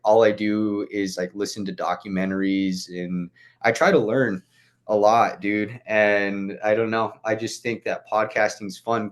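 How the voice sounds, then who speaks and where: Rambling young man, low voice. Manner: rambling, heavy on "like" fillers, swears freely. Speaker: guest musician. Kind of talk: casual podcast chat.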